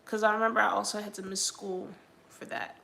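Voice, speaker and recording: Young woman, livestream host, casual testimony storytelling, gravelly fry, bright tone. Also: mid-range voice, little pitch movement, brisk, a little hiss or hum. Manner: chatty storytelling, frequent "like", faith-filled. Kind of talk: casual personal testimony vlog.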